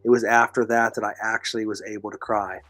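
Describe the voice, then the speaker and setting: A man's voice: lowish voice, level tone, fast talker, fairly bright tone, no echo. A man co-hosting a podcast, giving earnest, emphatic advice and reading listener comments while losing his voice. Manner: emphatic, repeats phrases, coaching tone. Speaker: podcast co-host.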